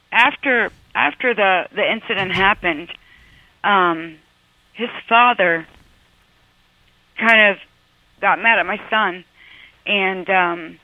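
A woman's voice: mid-range voice, no room sound. Woman caller on a tinny phone line. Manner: hesitant, many ums, emotional. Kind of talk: phone-in call to advice show.

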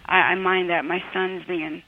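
A woman's voice: lowish voice, little pitch movement, normal speed, dry recording. Woman caller on a tinny phone line. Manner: hesitant, many ums, emotional. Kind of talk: phone-in call to advice show.

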